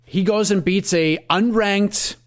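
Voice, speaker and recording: A man's voice: sits high, takes it slowly. A man co-hosting a casual podcast, recounting his past opinions in a storytelling way. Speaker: podcast co-host. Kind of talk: casual podcast chat about fight matchmaking.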